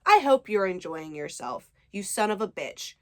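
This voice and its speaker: A woman voicing a snarky, sharp-tongued young woman who swears and snaps sarcastically while she retells a book. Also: mid-range voice, sing-song, moderate pace. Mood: indignant. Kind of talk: book summary with acted quotes.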